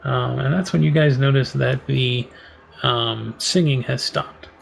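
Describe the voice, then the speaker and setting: A man narrating a tabletop game as game master, halting and full of filler words. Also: medium pitch, vocal fry, slight background noise. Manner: halting, full of ums and likes.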